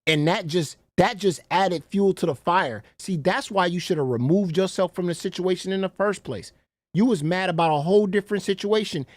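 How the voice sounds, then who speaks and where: A man's voice: sits high, moderate pace, dry recording. A man, a reaction streamer who mocks and swears freely, often calling people "bro". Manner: incredulous, mocking, swears freely, repeats "bro". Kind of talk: profane reaction commentary.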